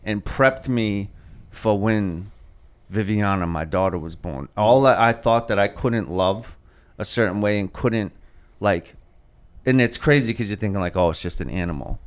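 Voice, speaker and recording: A man in his thirties with a low, smooth, resonant voice talks in casual podcast chat. He rambles through a heartfelt story and swears freely as he goes. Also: a little slow. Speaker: podcast host.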